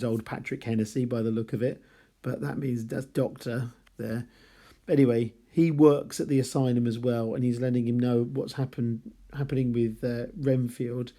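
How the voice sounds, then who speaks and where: A man walks through a classic novel chapter by chapter, talking casually as a teacher would. His voice is mellow and warm at an ordinary middle pitch, and he rambles a little, correcting himself and apologising as he goes. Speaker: literature teacher.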